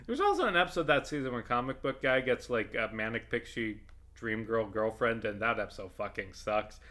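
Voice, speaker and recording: Guy with a sharp bright voice talking over his gameplay, rambly, cusses a ton, gets worked up fast. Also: medium pitch, lively intonation. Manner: rambling, profane, swings into heated ranting. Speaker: vlogger playing a video game. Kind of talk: casual gameplay commentary.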